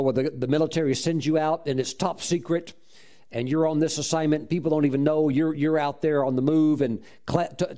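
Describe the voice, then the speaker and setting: A male pastor telling stories in a sermon, animated and exclaiming praise often. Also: a little high. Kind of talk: sermon storytelling.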